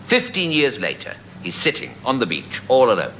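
A man's voice: medium pitch, huge pitch swings, normal speed, creaky, pushed and bright, a little hiss or hum. A man telling a long, chatty comic story on stage, dropping asides like "you see". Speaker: comedian telling a joke. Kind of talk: stand-up joke telling.

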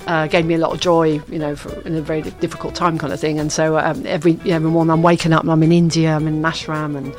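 A UK woman, an author being interviewed, talks in a low, level voice, rapid-fire and with few pauses. The casual chat is rambling and full of laughter, with soft music in the background.

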